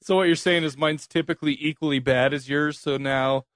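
A man's voice: a little high, steady tone, a little fast, no echo. A man co-hosting a podcast in casual chat, laughing often and teasing his co-host.

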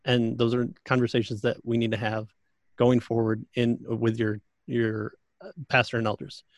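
A man in a casual conversation about church matters. He speaks in a halting, thoughtful way with frequent restarts. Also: mid-range voice, level tone, no room sound, clean studio sound.

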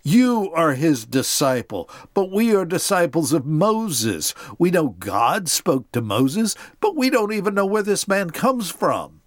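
A man voicing indignant male religious leaders who fire sharp, incredulous questions in a dry-sounding recording. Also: a little high, big pitch swings, a little slow, hardly any pauses, dry recording, voice pushed up.

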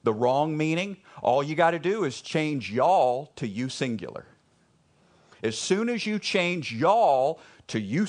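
A man with a Texan accent preaching a conversational, emphatic sermon to his congregation, repeating key phrases for emphasis. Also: on the high side. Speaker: pastor.

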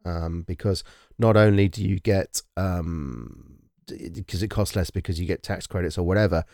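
A man talking through a film in a casual, rambling way, pausing often with ums. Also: low-pitched, mellow, no room sound, studio quality. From Britain. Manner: rambling, hesitant with many ums. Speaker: podcast co-host.

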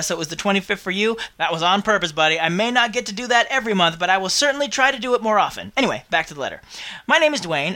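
A man's voice: high-pitched, sharp tone. A man hosting a podcast, chatting in an upbeat way and reading out listener mail with chatty asides. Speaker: podcast host.

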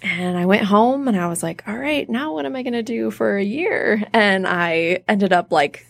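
An animated woman in her thirties talks as an interview guest. Her pitch is middling. She tells stories and acts out the people she quotes. The sound is dry and close to the mic. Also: normal speed, creaky, no room sound. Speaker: guest, theater artist. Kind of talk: casual interview storytelling.

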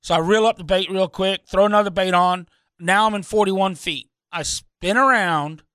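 A man, a fishing charter captain and show host, telling a story in a rambling, animated way that keeps circling back with "anyhow". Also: high voice, a little fast, clear, resonant tone, dry recording. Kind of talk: casual radio storytelling.

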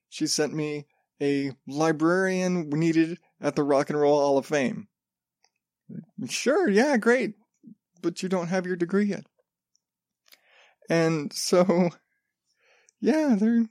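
A man's voice: on the high side, a little mellow, no room sound, clean studio sound. A man hosting a casual solo podcast, rambling with lots of restarts and swearing freely. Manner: rambling, profane, self-interrupting. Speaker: podcast host.

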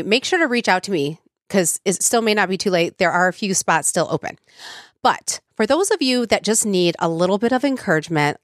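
A woman's voice: medium pitch, no echo, studio quality. A woman hosting a podcast, talking casually with many ums and you-knows, her voice congested from a cold. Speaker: podcast host. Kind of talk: casual solo podcast talk.

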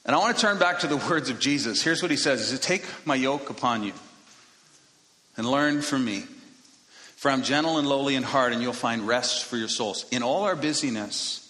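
A man preaching a sermon to his congregation in a casual, conversational way, with quick self-deprecating asides, speaking into a microphone. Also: medium pitch, pushed and bright. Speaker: pastor. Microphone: handheld or stage microphone. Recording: echoey hall reverb.

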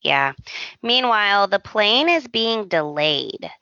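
A woman's voice: medium pitch, big pitch swings, slow, pushed and bright, dry recording, muffled recording. A woman co-hosting a podcast, chatting casually with wry, dry jokes. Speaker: podcast co-host. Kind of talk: casual chat recapping a soap opera.

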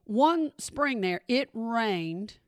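A chatty middle-aged woman hosts a podcast, calling her listeners y'all. Her voice sits a bit high and sounds slightly hoarse. The recording is close and dry. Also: expressive, extremely slow, no room sound. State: slightly hoarse, clearing throat. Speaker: podcast host. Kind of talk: casual chat.

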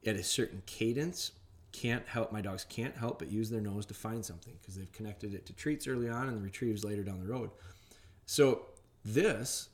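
A middle-aged man hosting a podcast, explaining dog training in a rambling, plainspoken way. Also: on the low side. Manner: rambling, plainspoken, restarts often. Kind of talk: casual instructional talk.

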